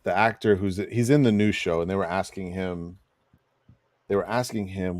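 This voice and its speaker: A man's voice: lowish voice, measured pace, no room sound, studio quality. A middle-aged man co-hosting a podcast in casual chat, enthusiastic and rambling, laughing often. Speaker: podcast co-host.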